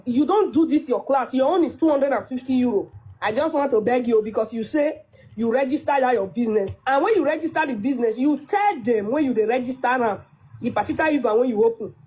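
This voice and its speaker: A woman's voice: high-pitched, fast, mellow, husky. A woman with a Nigerian Pidgin English accent giving a firm, lecturing complaint in a played clip. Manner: firm, lecturing, quoting others. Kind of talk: complaining monologue. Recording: dull lo-fi clip.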